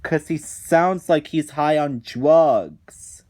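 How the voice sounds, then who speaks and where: A man's voice: a little high, drawn-out words, darkish tone. A man reviewing cartoon episodes in a ranting commentary, indignant and exasperated, often restarting his sentences.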